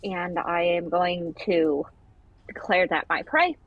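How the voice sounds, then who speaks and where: A woman's voice: lowish voice, slow pace, dry recording. A woman playing a tabletop game, chatty and a little hesitant as she describes her moves. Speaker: player. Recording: dry, dull lo-fi mic.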